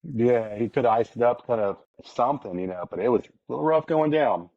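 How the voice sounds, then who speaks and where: An excitable man tells a podcast story with heavy swearing, acting out his own lines as he goes. The sound is muffled and dry, with no room echo. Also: medium pitch, brisk, vocal fry. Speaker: podcast co-host. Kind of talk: casual storytelling chat.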